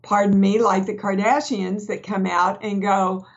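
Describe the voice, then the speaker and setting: Woman, guest actress, candid, frank storyteller, middle pitch, dull lo-fi audio. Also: little pitch movement, a little slow, few pauses. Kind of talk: casual film discussion.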